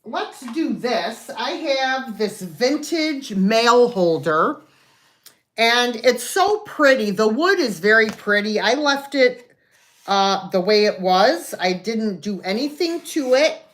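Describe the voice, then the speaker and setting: A woman's voice: on the high side, expressive, takes it slowly, fairly bright tone. A woman hosting a live online sale, chatting in a folksy way, describing items and counting down sales. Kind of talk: live selling stream.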